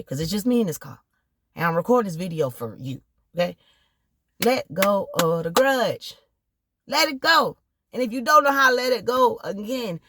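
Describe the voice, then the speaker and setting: A woman's voice: medium pitch, fairly bright tone. A woman speaks straight to the listener from inside her car. Her testimony is heartfelt and direct, and it leans into preacherly encouragement. The sound is close and dry, with no room echo. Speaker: vlogger sharing personal testimony. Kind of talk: earnest personal testimony.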